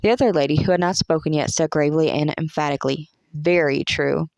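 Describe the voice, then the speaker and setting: A narrator with a Southern US accent, reading a classic novel aloud in a measured, even storytelling manner. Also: mid-range voice, no room sound. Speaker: audiobook narrator.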